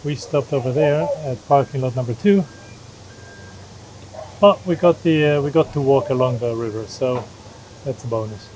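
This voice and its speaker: A man's voice: medium pitch, moderate pace, pauses often, a little mellow, slight background noise, rough recording. A man vlogging while walking through a river gorge, explaining the sights to a handheld camera in a casual, chatty way. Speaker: travel vlogger. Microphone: handheld camera held aloft.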